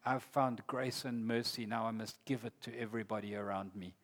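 A man's voice: fairly low pitch, steady tone, fairly quick. A man preaching a sermon in an earnest, emphatic way, reading scripture aloud. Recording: long hall reverb.

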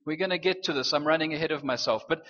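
High-voiced preacher. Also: male voice, quick pace. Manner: earnest, animated preaching with playful teasing asides. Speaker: pastor. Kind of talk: sermon. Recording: dull, reverberant hall sound.

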